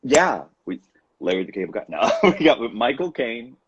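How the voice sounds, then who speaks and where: A man's voice: medium pitch, big pitch swings, normal speed, crowd noise. A man co-hosting a podcast in casual chat, rambling with restarts and laughing often. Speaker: podcast co-host. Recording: dull lo-fi sound.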